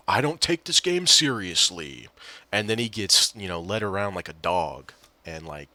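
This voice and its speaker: Low-voiced man ranting about a teammate. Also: bright, forceful tone. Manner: exasperated, profane, retells quotes. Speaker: gaming storyteller. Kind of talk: casual ranting storytime.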